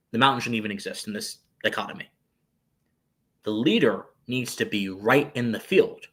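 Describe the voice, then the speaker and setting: Bright-voiced man lecturing on a podcast. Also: medium pitch. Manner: lecturing, searching restarts and emphatic jumps. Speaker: podcast co-host. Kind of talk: casual philosophical commentary.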